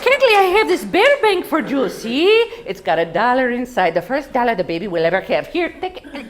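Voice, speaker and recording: A woman playing her excitable, religious older mother-in-law, fussing loudly and mixing in Spanish phrases. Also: a little fast, very noisy. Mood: gushing. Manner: high, loud, fussing, Spanish phrases mixed in.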